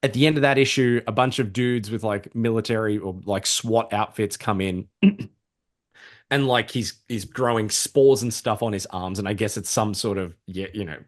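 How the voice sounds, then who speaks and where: A man co-hosting a podcast, chatting casually about comic books in an excitable, rambling way and swearing freely. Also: lowish voice, moderate pace. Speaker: podcast co-host. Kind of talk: casual comic book chat.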